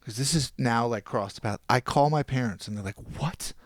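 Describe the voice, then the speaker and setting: Recorded in a clean studio with no room sound, a young podcast guest from New Jersey tells a long story in a casual way. His voice is medium-pitched and a bit fast, and he animatedly plays the people he quotes.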